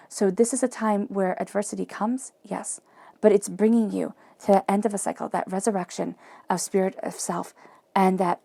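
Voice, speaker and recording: A woman gives a tarot reading, speaking earnestly and encouragingly straight to her listener. Her voice is mellow with a gravelly edge. The sound is dry and close, with no room around it. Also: dry recording. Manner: earnest, emphatic and encouraging, addressing the listener directly; softens into a low murmur when chanting questions to the cards. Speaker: tarot reader.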